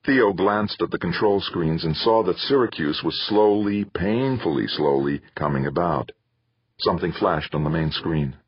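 A man narrating a novel in a dramatic, lively reading style. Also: deep voice, moderate pace, husky, no room sound. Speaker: audiobook narrator. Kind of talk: scripted narration of a sci-fi novel. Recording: slightly muffled.

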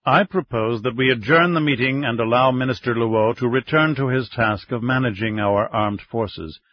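A composed senior official proposes in a slow, deliberate way, voiced by a man reading aloud. His tone is lowered and steady. The recording is dry and a bit muffled. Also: no echo, close to an everyday voice. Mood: measured. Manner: slow, measured.

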